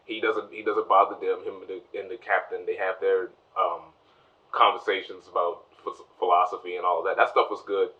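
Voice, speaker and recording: A man's voice: deep voice, flat delivery, recorded from a distance, dull audio. A man giving a casual spoiler review of a TV show, rambling through the plot and acting out the characters' lines. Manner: rambling recap, acts out characters' lines in quick voices.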